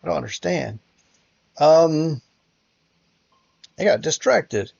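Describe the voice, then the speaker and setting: A man's voice: fairly high pitch, lively intonation, takes it slowly, creaky, darkish tone, dry recording, highs cut off. A man casually commentating a strategy game, hesitant and frustrated, with many fillers and restarts. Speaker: gameplay commentator.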